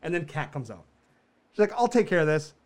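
A podcast co-host with a fairly quick, higher-pitched male voice tells a story in laid-back conversation. He curses freely, laughs a lot, and narrates with plenty of animation.

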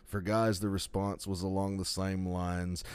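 Man, young adult, low voice, casual podcast co-host, swears freely, mock-serious reading. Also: level tone, a little slow. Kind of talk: casual podcast chat, reading an article aloud.

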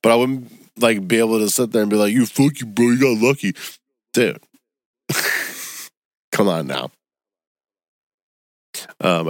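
Profane ranting young guy, low voice. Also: gravelly, no echo, clean studio sound. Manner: profane, animated ranting, gets loud and high when worked up. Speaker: comedian podcast host. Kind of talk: casual solo rant.

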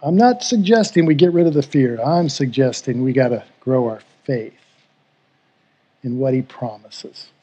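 A man's voice: medium pitch, measured pace, dark tone, slightly rough. A middle-aged man preaching a sermon as pastor, earnest and emotional, telling a personal story and leading prayer. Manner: earnest, emotional, rising to fervent.

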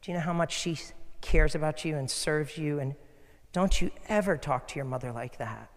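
A man's voice: on the high side, normal speed, natural voice. A man voicing a stern old Irish grandfather who firmly lectures a boy, with a put-on Irish accent, in an echoey hall. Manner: firm, lecturing.

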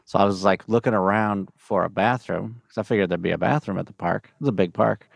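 Low, gravelly man telling stories. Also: quick pace, dry recording, clean studio sound. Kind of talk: casual podcast chat.

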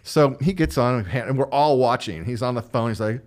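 An animated man who tells stories in a loose, conversational way. His voice sits at an ordinary middle pitch, and he often breaks into the voices of the people he describes. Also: moderate pace. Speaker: line producer guest. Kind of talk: casual storytelling interview.

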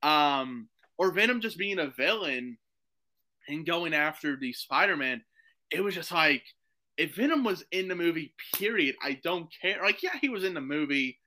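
A man chatting as a podcast guest, rambling excitedly with lots of fillers. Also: a little high, normal speed, low-quality recording. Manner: excited, rambling, full of "like" and "you know". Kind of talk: casual chat.

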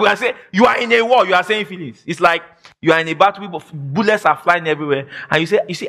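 Emphatic, high-pitched male preacher. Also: quick pace, creaky. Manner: emphatic, repeats phrases, shouts declarations; quotes imagined listeners in mock voices. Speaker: pastor. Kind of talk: sermon.

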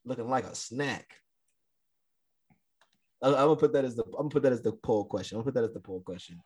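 A man's voice: mid-range voice, fast, a little mellow, slightly rough. A man co-hosting a podcast in casual, slangy banter, laughing often. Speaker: podcast co-host. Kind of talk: casual chat.

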